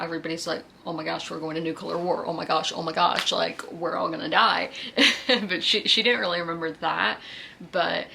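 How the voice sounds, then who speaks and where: A woman's voice: fairly low pitch, vocal fry, pushed and bright, a little hiss or hum. A woman in her twenties from South Carolina, chatting casually in a reading vlog, rambling with restarts and asides. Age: 20s. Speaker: book vlogger.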